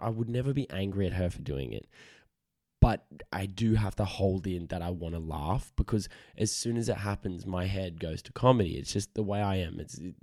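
A man's voice: low voice, dark tone, no room sound, clean studio sound. A tired man hosting a casual solo podcast, rambling, frank and self-deprecating, swearing freely. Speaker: podcast host.

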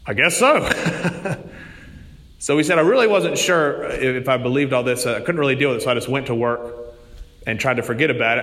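A man's voice: medium pitch, fairly bright tone. Man preaching in a reverberant church. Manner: storytelling, conversational with rising emphasis. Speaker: priest. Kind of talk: sermon. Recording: long hall reverb.

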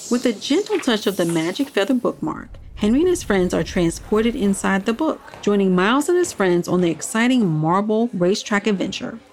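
A woman's voice: mid-range voice, expressive, normal speed, few pauses, darkish tone, a little hiss or hum. A woman narrating a children's story podcast and hosting the show. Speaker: narrator and host.

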